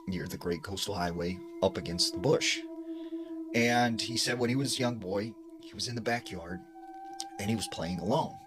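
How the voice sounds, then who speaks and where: A storyteller with a fairly low voice narrates scary stories casually, packing his speech with fillers like "like" and "you know." He drops his voice whenever he quotes someone. The audio is poor, with music playing underneath.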